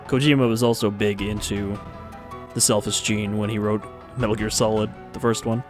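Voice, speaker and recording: A man's voice: fairly low pitch, level tone, normal speed, music in the background. A man hosting a let's play, making casual, joking and wry game commentary.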